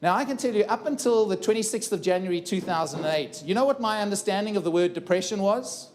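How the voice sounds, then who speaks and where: A man's voice: sits high, lively intonation, fast, slight background noise. A middle-aged man gives an earnest keynote talk to a live audience about his own life. He repeats phrases for emphasis and asks the audience questions. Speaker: keynote speaker. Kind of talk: personal story told to a live audience. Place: conference room before a live audience.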